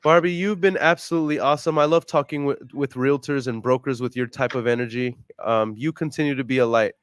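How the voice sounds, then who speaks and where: A man's voice: medium pitch, fast talker, clear, resonant tone, no echo. Upbeat, polite male host; jokey and friendly, dry close mic. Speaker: real estate investor and vlog host. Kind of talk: casual phone call and chat.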